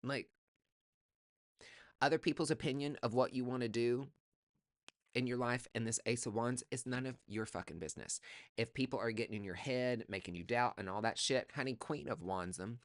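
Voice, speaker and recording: A man's voice: mid-range voice, normal speed, no echo, studio quality. A man giving a casual tarot reading, sassy and profane, calling the listener honey and giving an emphatic pep talk. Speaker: tarot reader.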